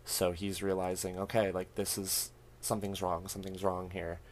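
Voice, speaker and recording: Deep-voiced young man recapping a horror film. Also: normal speed, slight background noise. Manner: animated storytelling, laughing often, acting out quotes. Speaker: podcast host.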